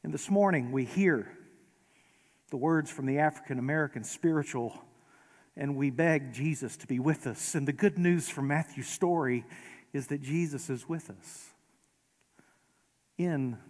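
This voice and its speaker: A man preaching a sermon as pastor, conversational and gently humorous, in a large church sanctuary. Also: a little high, measured pace, pauses often. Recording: long reverb of a large hall.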